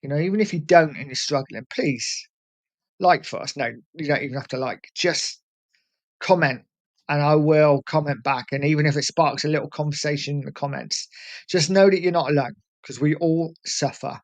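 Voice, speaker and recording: A man in his forties from England hosts a fan channel, speaking candidly, earnestly and heartfeltly to viewers while repeating himself and often saying "listen". His voice is a little high, his pace moderate.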